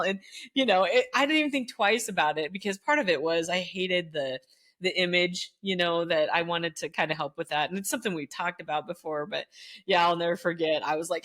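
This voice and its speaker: Woman, middle-aged, bright voice, animated storyteller, former teacher, interview guest. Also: on the low side, a little fast. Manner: animated, acts out quoted voices. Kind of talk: storytelling in casual conversation.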